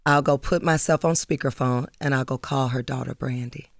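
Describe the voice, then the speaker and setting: A woman's voice: a bass voice, a little fast, no echo. A woman, a guest actress talking candidly and expressively in an interview on a radio studio mic. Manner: candid, expressive, acts out voices in stories. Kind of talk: emotional interview conversation.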